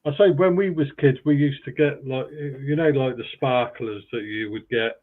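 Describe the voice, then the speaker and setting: A man's voice: medium pitch, normal speed. A man on a live panel, telling rambling stories with plenty of ums and uhs. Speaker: panel guest. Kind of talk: casual chat on a live stream. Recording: tinny phone-like call audio.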